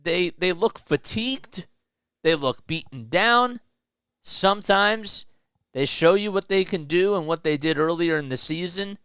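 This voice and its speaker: A man's voice: high voice, lively intonation, measured pace, fairly bright tone, smooth, dry recording, studio quality. A man hosting a solo sports show, ranting with frustration and emphasis about his team's losses and speaking directly to the manager. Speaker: sports commentary host. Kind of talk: solo fan rant about baseball.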